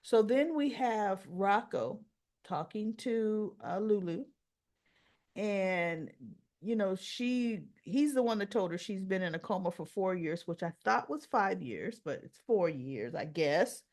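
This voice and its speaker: A woman with a medium-pitched voice talks through a soap opera episode in a casual, gossipy way. She is opinionated and chatty, and she slips into the characters' lines as she retells each scene. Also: lively intonation, slow, a little mellow. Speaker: soap opera recap host.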